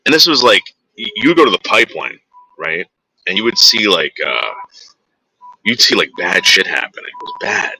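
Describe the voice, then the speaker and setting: A man's voice: low-pitched, very animated, normal speed, bright, forceful tone, slight background noise, low-quality recording. A man in his forties from northern New Jersey, casually telling rambling, profane stories to his viewers and acting out what people said. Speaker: vlogger.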